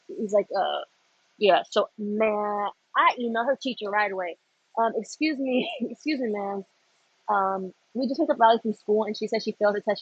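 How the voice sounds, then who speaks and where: A young woman from Florida hosting a late-night livestream, chatting and telling animated stories as she works. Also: mid-range voice, no echo, muffled recording. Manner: animated storytelling with laughs. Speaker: livestream host. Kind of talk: casual chat while working.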